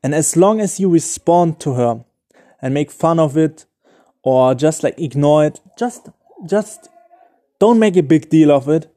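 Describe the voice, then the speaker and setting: A man's voice: on the high side, lively intonation, measured pace, warm tone. A man who is not a native English speaker, hosting a solo podcast and giving dating advice in a loose, explanatory way, often restarting and searching for words. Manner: loose, explanatory, full of "like" and "okay?". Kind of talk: casual solo podcast talk.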